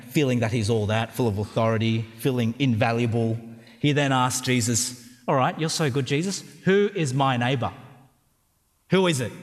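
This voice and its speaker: A man with an Australian accent preaching a sermon, conversational and joking, often checking in with the crowd. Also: mid-range voice. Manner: conversational and humorous, with frequent tag questions. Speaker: pastor. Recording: long hall reverb.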